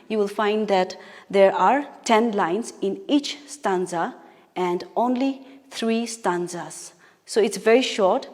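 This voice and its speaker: A woman's voice: medium pitch, darkish tone. A woman teacher giving a patient poetry lesson, explaining step by step and correcting herself as she goes. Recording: long reverb.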